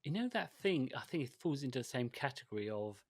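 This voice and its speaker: A man's voice: mid-range voice, sing-song, fast talker, dry recording, studio quality. A man co-hosting a podcast in casual chat, rambling and hesitant, with frequent restarts and fillers. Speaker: podcast co-host.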